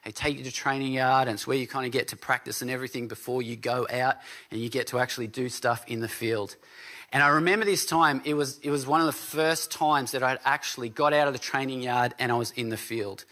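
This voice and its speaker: A man's voice: medium pitch, fairly quick, sharp tone. A man preaching a sermon as pastor, telling a story in a casual way and often checking in with his listeners. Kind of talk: conversational sermon.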